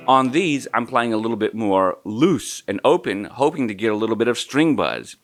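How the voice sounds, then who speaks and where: A man's voice: mid-range voice, lively intonation, moderate pace, few pauses. A man giving a guitar lesson in an easygoing way, counting the strum pattern aloud. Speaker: guitar teacher. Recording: guitar playing under the voice.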